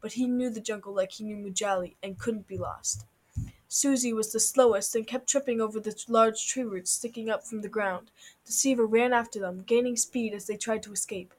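Female storybook narrator, slightly high voice, expressive reading. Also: normal speed.

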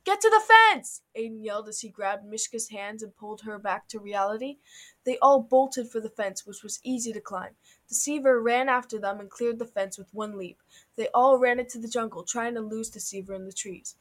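A woman narrating a storybook with expressive reading. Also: on the high side, normal speed.

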